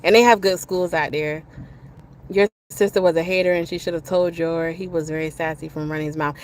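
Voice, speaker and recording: A woman's voice: low voice, steady tone, brisk, slight background noise. A young woman hosting a casual live stream, chatting in a laid-back, slangy way, laughing often, reading viewer comments and talking while she eats. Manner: talks while eating. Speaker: livestream host. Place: outdoors while walking.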